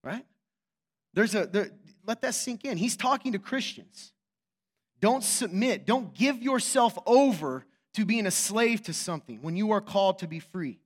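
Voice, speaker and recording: Lively joking male pastor, higher voice. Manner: animated and joking, teasing the congregation; quick, emphatic, asks rhetorical questions. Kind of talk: sermon.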